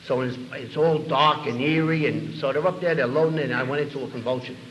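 Older man telling a story, quick and animated. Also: mid-range voice, highs cut off. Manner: animated, acts out the dialogue in his story; rambling, with repeated words and fillers. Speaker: speaker telling his recovery story. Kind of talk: personal storytelling to an audience. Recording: echoey hall with faint room noise.

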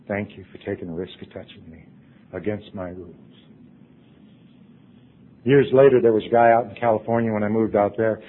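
A man telling his recovery story to a meeting, earnest, his voice dropping hushed at emotional points. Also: mid-range voice, slightly rough. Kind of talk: personal recovery talk. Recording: tinny phone-like recording.

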